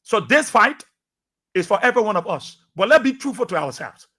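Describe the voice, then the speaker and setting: High, bright-voiced Liberian man ranting. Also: very animated, a little fast, slightly rough. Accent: Liberian English. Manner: fiery, preachy, repeats phrases for emphasis. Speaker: radio talk show host. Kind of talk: impassioned radio commentary.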